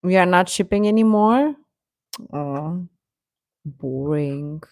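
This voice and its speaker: Young woman hosting a fan livestream, slow-talking, laughs a lot, dry close mic. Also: fairly low pitch, lively intonation, no echo. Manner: chatty, laughing often, exasperated rants. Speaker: livestream host reading chat. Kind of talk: casual chat.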